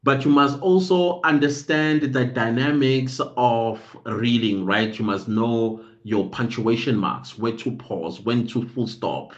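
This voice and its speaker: A man's voice: mid-range voice, takes it slowly, few pauses, highs cut off. A man hosting a podcast, giving casual advice in a rambling way, often searching for words with ums and uhs. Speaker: podcast host.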